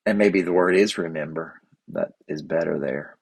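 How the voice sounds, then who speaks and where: Low gravelly man, halting. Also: steady tone, darkish tone, no room sound. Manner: halting, many restarts and fillers, earnest. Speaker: podcast host. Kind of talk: unscripted reflective monologue.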